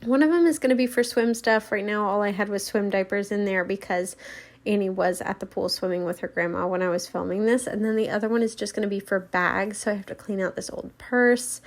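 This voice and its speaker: A woman's voice: mid-range voice, vocal fry. A young woman from the southern US with a light Southern accent, narrating her cleaning in a chatty way, laughing easily. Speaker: vlogger.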